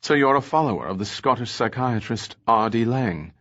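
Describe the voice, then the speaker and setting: A man's voice: medium pitch, lively intonation, moderate pace, fairly bright tone, highs cut off, lightly acted. A man voicing a defiant, sarcastic young woman. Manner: biting, sarcastic. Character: sharp-tongued, defiant young woman captive.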